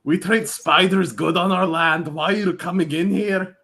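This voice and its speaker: A man voicing a gruff, territorial local with a Scottish accent and a gravelly voice. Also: sits high, fairly even intonation, normal speed, bright, forceful tone, voice pushed up, full character voice. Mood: defensive.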